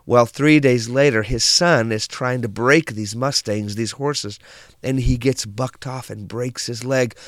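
A man telling parables in a calm, reflective way, with unhurried, drawn-out phrasing and soft endings. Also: medium pitch, no room sound, clean studio sound. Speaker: storyteller.

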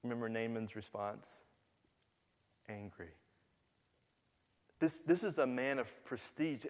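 A man's voice: mid-range voice, slow pace, pauses often, a little mellow. Guy preaching a sermon, tells the stories and does the voices, big hall echo. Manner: storytelling, acting out quoted figures with rising voice. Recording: long hall reverb.

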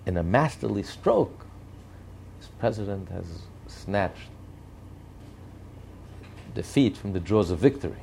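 A man's voice: on the low side, animated, takes it slowly, vocal fry, pauses often, darkish tone, a little hiss or hum. A man giving impassioned commentary on politics and morality, driving his points home with repeated rhetorical lists. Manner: emphatic, repetitive rhetorical lists.

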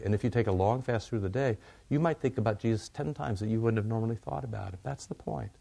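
Male preacher, casual sermon delivery, gravelly voice, question-and-answer style. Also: mid-range voice, dark tone. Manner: conversational, asks and answers own questions.

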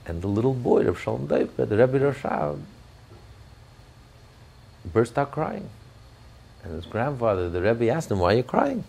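A man's voice: deep voice, creaky, a little mellow. A man giving an impassioned sermon as a rabbi, often restarting his words as he searches for them.

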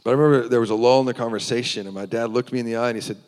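A man's voice: medium pitch, fairly even intonation, very fast, darkish tone, big-room sound. A man preaching, telling his personal testimony in an earnest storytelling way.

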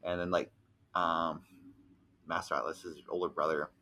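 A young man in casual podcast chat, telling a rambling, animated story full of fillers. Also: deep voice, moderate pace. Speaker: podcast co-host.

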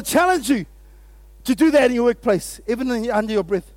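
High-voiced, fired-up man preaching. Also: brisk, no room sound. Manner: energetic and exclamatory, often laughing, calls out to the audience. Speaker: pastor. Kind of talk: sermon.

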